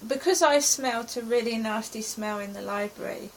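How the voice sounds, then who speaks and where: A woman's voice: fairly high pitch, normal speed, slight background noise, rough recording. A middle-aged woman from England giving an anxious, rambling account of her day as a personal diary. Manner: anxious, rambling present-tense retelling. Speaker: vlogger.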